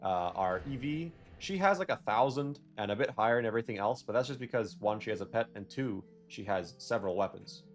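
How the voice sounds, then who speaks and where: A man's voice: fairly low pitch, animated, a little fast, few pauses, faint music behind. A young man giving casual, rambling gameplay commentary, correcting himself and drifting into jokey rants. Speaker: gaming video creator.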